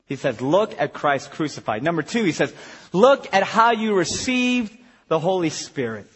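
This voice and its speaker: A high-voiced male pastor preaching a retreat sermon with big swings of pitch, sometimes dropping low and quiet, sometimes shouting. His voice is a bit husky and rings out in a long hall reverb. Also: normal speed. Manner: animated, swings from hushed to shouting.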